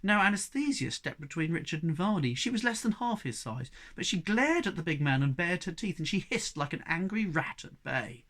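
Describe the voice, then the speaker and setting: Man giving a measured audiobook reading. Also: fairly high pitch. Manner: measured, expressive storytelling. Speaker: reader. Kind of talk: audiobook narration.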